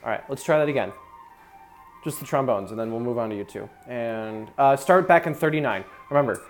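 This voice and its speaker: With soft music in the background, a young man talks briskly at a medium pitch to the brass players in a rehearsal room. Coaching the small ensemble, he speaks casually with many fillers and sings syllables to show how to articulate.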